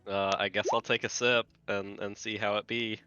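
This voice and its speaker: A man's voice: fairly low pitch, little pitch movement, normal speed, pushed and bright, clean tone, no room sound, lo-fi sound, soft background music. A man playing a tabletop game, speaking in a hesitant, wry way as he decides his character's actions. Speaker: player. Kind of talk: casual tabletop chat.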